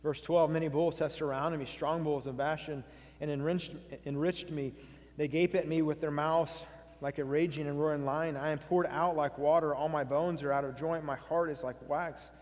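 A man's voice: on the high side, steady tone, normal speed, darkish tone. A male pastor preaching a sermon, earnestly asking his congregation questions and reading scripture aloud. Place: church sanctuary. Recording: long hall reverb.

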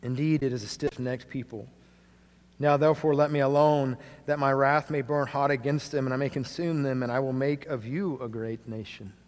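A male pastor preaching a sermon to a congregation, earnest, often dropping quietly for emphasis. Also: mid-range voice, steady tone, normal speed. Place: church sanctuary. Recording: long hall reverb.

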